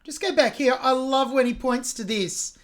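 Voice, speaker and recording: A woman's voice: high-pitched, moderate pace. A woman with an Australian accent hosting a song reaction, talking through a singer's technique with open admiration. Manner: admiring, analytical about vocal technique. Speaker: music reaction host.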